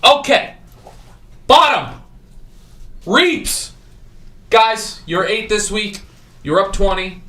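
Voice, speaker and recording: A man co-hosting a casual podcast, talking loudly and animatedly and swearing freely. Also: high-pitched, extremely slow, pauses often, recorded from a distance. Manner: loud, animated, swears a lot. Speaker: co-host. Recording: echoey room, faint background noise.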